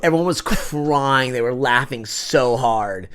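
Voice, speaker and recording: A man's voice: mid-range voice, measured pace, fairly bright tone, smooth. A young adult man, a podcast guest, telling stories in casual chat, laughing often and acting out quotes in funny voices.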